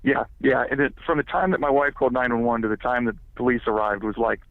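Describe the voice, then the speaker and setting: A man recounts a personal story on a podcast, circling back on himself and filling gaps with stock phrases. His voice has a gravelly, creaky edge. It comes through a narrow, tinny, phone-like line with a dry sound. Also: medium pitch, steady tone, fast, dry recording. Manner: rambling, heavy with filler words. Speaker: guest.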